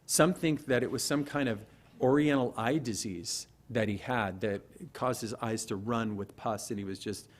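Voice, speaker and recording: A man's voice: mid-range voice, normal speed. A man preaching a conversational, verse-by-verse sermon as pastor at a church service, often asking rhetorical questions. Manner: conversational, asks rhetorical questions, laughs lightly.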